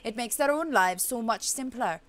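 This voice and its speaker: Proud game witch, dry self-assured tone, wavering scottish-irish lilt, as a woman reads her, higher voice. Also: animated, moderate pace, a bit bright. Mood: confident. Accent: wavering put-on Scottish-Irish. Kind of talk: reading a visual novel aloud.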